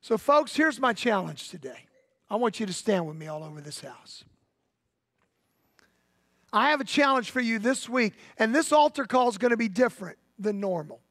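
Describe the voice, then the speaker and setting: A man with a Southern US accent, a pastor preaching a sermon in folksy, emphatic storytelling that drops to a hush for drama. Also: high-pitched, expressive, moderate pace, dry recording. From Southern United States. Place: church sanctuary.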